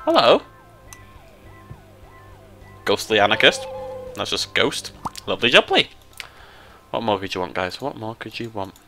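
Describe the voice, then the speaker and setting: Excitable British man, lively bright voice. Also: measured pace, gravelly, long pauses, faint music behind. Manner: excitable, jumps into high squeals when surprised or delighted. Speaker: let's play host. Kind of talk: casual gameplay commentary.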